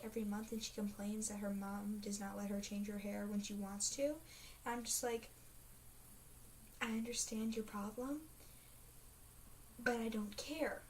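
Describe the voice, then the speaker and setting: A woman's voice: on the high side, darkish tone. A teenage girl chatting in a casual video diary, rambling and dramatic, full of fillers. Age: teens. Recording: faint hiss, mic a bit distant.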